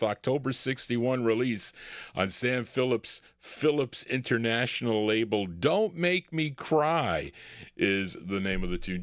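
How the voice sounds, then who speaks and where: A man's voice: mid-range voice, dry recording, studio quality. A man hosting a live oldies record show, talking casually between songs, rambling and correcting himself as he goes. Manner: rambling, self-correcting, chatty. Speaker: radio show host spinning records.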